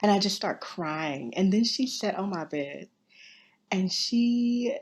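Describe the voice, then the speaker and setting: A woman's voice: mid-range voice, slow pace. A woman guest on an interview show, telling a personal story casually and animatedly. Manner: animated, acts out quoted voices. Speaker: interview guest, yoga teacher.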